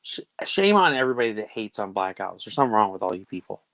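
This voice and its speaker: A man in his thirties with a lowish voice tells family stories on a casual podcast chat. He talks in an animated way and jumps into different voices when he quotes his kids. The sound is dry and close to the mic. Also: rapid-fire, dry recording, rough recording. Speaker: podcast host.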